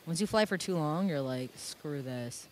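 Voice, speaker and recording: A woman's voice: sits low, animated, brisk, slight background noise. A woman from Canada telling a story in casual chat, acting out voices and swearing freely.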